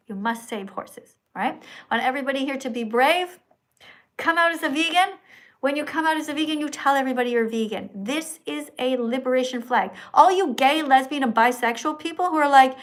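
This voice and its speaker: High-pitched woman ranting on a livestream. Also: brisk. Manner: preachy, scolding, mocking. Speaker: livestream host.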